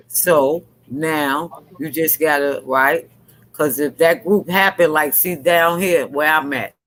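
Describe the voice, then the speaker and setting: A man's voice: fairly high pitch, fairly bright tone, rough recording. A man talking candidly and earnestly in a casual online talk show, often restarting his sentences.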